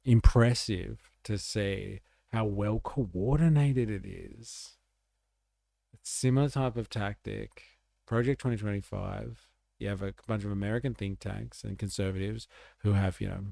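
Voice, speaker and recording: A man's voice: fairly low pitch, creaky, dark tone, dry recording. A man hosting a livestream, rambling through casual political commentary with sarcastic asides. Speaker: livestream host.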